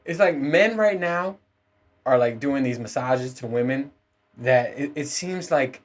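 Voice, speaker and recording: A man's voice: medium pitch, expressive, measured pace. Profane rambling man ranting on his podcast. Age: adult parent. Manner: profane, rambling, frequent laughs. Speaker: podcast host. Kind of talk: casual solo podcast rant.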